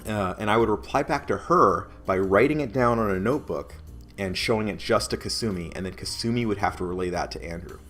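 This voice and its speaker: A man's voice: fairly low pitch, brisk, a bit bright. A man acting as game master, casually recapping a tabletop game session at home, rambling with many restarts. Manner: rambling, many restarts, chuckles now and then.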